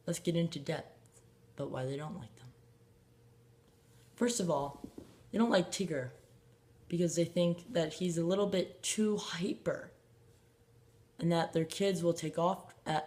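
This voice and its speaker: A man hosting his own show, talking in a rambling way with fillers, restarts and small laughs. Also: on the high side. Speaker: host. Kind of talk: casual solo show commentary.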